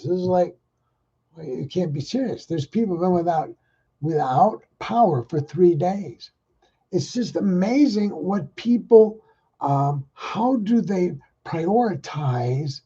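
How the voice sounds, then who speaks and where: A man's voice: high-pitched, animated, slow pace, dark tone, husky, lo-fi sound. A man hosting his own show, ranting in a rambling, exasperated, profane way. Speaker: podcast host. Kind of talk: casual ranting monologue.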